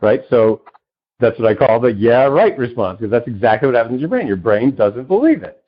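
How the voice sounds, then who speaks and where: Very animated and talking a little fast, a self-help author and coach gives an enthusiastic podcast interview. He acts out little exchanges with big jumps in pitch, and the audio is dull and lo-fi.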